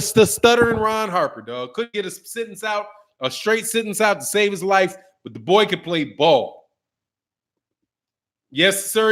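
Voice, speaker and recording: A middle-aged man with a notably high speaking voice riffs loosely on a live stream, teasing and trash-talking in easy banter. He laughs often and keeps the jokes coming, a regular commentator from the Chicago area. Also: fairly bright tone.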